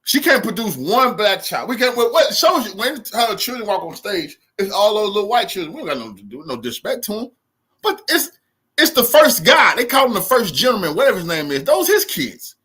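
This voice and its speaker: A man's voice: sits high, sing-song, a little fast, bright, forceful tone. A man hosting a commentary channel, reacting to news clips in a heated, mocking, profane way and laughing often.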